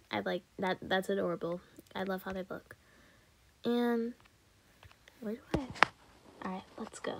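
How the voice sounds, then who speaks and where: A fairly high-voiced young woman gushes through casual gameplay commentary for her channel. She talks slowly and unhurriedly, over and over calling things adorable. Now and then her voice sinks to a soft, hushed mumble. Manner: gushing, excitable, repeats herself. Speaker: gaming channel host.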